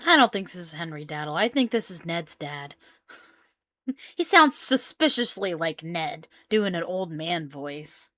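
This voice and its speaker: A woman's voice: on the low side, big pitch swings, unhurried, bright, forceful tone, no room sound. A woman giving chatty, joking commentary while playing a video game. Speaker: gamer. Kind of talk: casual gameplay commentary.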